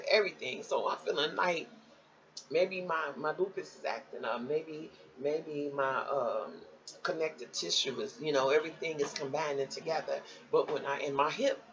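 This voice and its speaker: A woman telling viewers a personal health story in a casual, animated way, talking straight to them. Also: dull audio. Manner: animated, jumps high when quoting others; conversational, addresses viewers as y'all.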